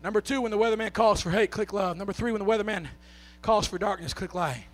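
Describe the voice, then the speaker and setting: A Southern-accented man delivers a sermon at a quick pace, his voice rising to shouted, almost sung peaks before dropping into soft, low speech.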